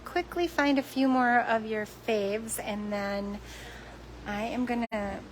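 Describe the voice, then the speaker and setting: A woman chatting casually on a livestream from a cat shelter room, cooing softly at the cats as she films on her phone. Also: fairly high pitch, slow.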